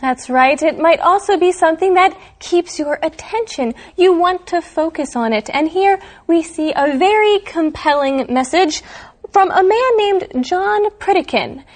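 A woman hosting a reading lesson, who explains in a friendly, measured way and reads passages aloud. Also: extremely high pitch, animated. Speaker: language lesson host.

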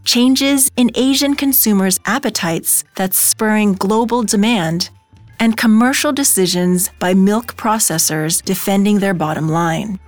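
A woman reading a news article aloud in an even, measured way. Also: medium pitch. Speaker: news reader.

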